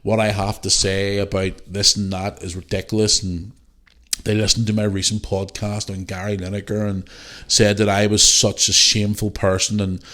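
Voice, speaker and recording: A man's voice: fairly low pitch, a bit bright. A man hosting his podcast, talking bluntly and swearing freely as he rants. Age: adult parent. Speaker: podcast host. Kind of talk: casual solo podcast talk.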